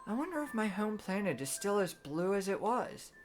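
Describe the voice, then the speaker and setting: A woman voicing a lonely young girl who speaks softly and wistfully, longing for home. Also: mid-range voice, big pitch swings, moderate pace, faint music behind, pitched above the performer's own voice, lightly acted. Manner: soft and wistful, rising to tearful cries.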